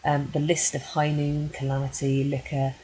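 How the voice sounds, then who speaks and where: Low-voiced woman teacher explaining a poem. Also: monotone, mellow, slight background noise, poor audio. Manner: measured, frequent ums, reads poem aloud then explains. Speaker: English teacher. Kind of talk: poetry analysis lesson.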